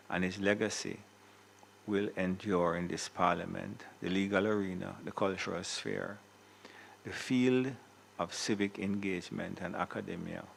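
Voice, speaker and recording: A man presiding over a legislative chamber, speaking in a very low, gravelly voice. His delivery stays flat and even as he gives a formal tribute. He is measured and correct, catching and fixing his own small slips. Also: slight background noise, low-quality recording. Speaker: Senate president.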